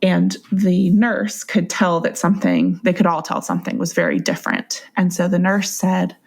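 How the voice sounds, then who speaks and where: A woman's voice: on the low side, steady tone, normal speed, gravelly, breathy edge. A young adult woman telling her own story as a podcast guest, in a casual, conversational way and often laughing as she goes. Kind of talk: personal storytelling.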